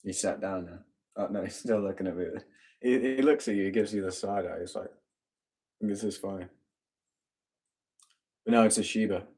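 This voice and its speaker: A man's voice: low voice, normal speed, long pauses, darkish tone. A man co-hosting a casual live stream from a home bar, reading out viewer comments and laughing often. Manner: upbeat, laughs often, talks to his dogs.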